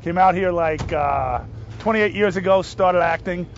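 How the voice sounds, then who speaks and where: A brash, joking man with a New Jersey accent, talking about his career in a casual TV interview. His voice sits high for a man and often trips over restarts. The sound is a little dull, with faint city noise behind him outdoors. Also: measured pace. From New Jersey, USA. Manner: brash, jokey, stumbling restarts. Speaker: guest actor.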